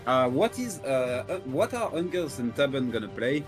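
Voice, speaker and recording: Male esports caster, mid-pitched, hesitant fillers, animated bursts, faint background music. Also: moderate pace. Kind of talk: live game commentary.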